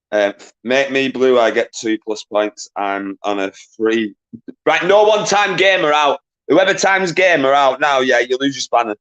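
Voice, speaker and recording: A man hosting a live-stream quiz, bantering with chat, giving quick shout-outs, swearing casually and laughing often. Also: medium pitch, lively intonation, lo-fi sound. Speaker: livestream quiz host.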